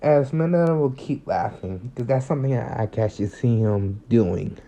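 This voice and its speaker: A man's voice: medium pitch, moderate pace, gravelly, warm tone. A young man casually improvising a fan story, rambling with lots of fillers and restarts, in a slightly muffled lo-fi recording. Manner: rambling, full of fillers and restarts, chuckles at his own story.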